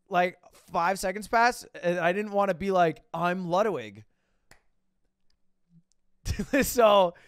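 A man's voice: high-pitched, fairly bright tone, smooth, dry recording, studio quality. A young man streaming, telling a rambling story to his chat with lots of restarts and swearing.

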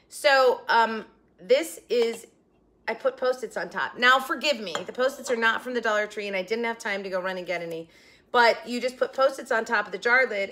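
An older woman chatting through a crafting tutorial, tender and holding back tears, trailing off into quiet asides. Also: mid-range voice. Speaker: craft vlogger.

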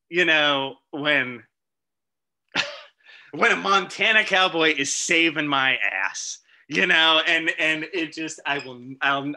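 A man giving a casual storytelling slide talk to an astronomy club, chatty and animated, with many fillers and restarts. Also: a little high, unhurried. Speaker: guest presenter at an astronomy club meeting.

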